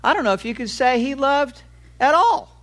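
A man's voice: extremely high pitch, expressive, moderate pace, a bit bright. A male preacher giving a sermon in a conversational way. He explains with everyday examples and stretches key words for emphasis.

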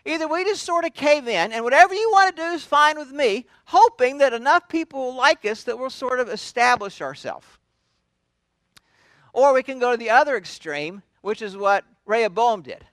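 A man's voice: very high-pitched, animated, moderate pace, fairly bright tone, no room sound. A man preaching a sermon, retelling scripture in a conversational storytelling way with frequent restarts. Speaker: pastor.

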